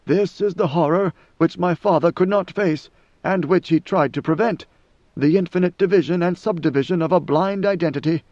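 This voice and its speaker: A man reading an audiobook and voicing an ancient godlike male emperor who speaks slowly and gravely. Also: high voice, a little mellow, no echo, pitched above the performer's own voice, natural voice. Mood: solemn. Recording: dull lo-fi dry recording.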